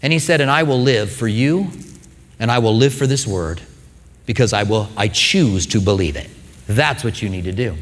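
A middle-aged man preaching a sermon with emphatic stresses and quiet asides. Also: fairly low pitch, moderate pace. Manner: emphatic, swings from loud stresses to soft asides. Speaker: pastor. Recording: long hall reverb.

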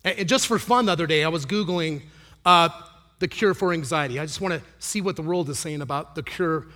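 High-voiced man preaching a sermon. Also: a little fast, sharp tone. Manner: conversational storytelling with many restarts. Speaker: pastor.

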